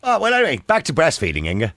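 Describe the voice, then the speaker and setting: Candid Irish radio host, lively voice. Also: male voice, on the high side, rapid-fire, no room sound. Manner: candid, chatty, rises sharply when embarrassed. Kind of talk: radio phone-in chat. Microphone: studio microphone. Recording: dry close studio sound.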